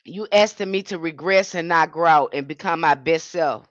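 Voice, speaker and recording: A woman's voice: sits low, moderate pace, no echo, muffled recording. A woman hosting a livestream, giving an impassioned monologue with emphatic, indignant restarts. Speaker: livestream host.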